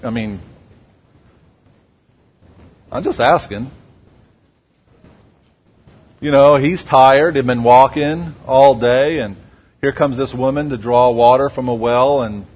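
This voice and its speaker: A man's voice: mid-range voice, darkish tone, slightly rough. A man preaching to a congregation, asking them questions in a conversational way. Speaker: pastor. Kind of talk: sermon. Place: church before a congregation.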